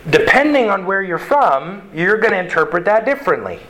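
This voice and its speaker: A man's voice: sits high, big pitch swings, brisk, sharp tone, poor audio. A man preaching a sermon in a conversational way, asking the congregation questions as he explains a passage. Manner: conversational, quizzes the audience.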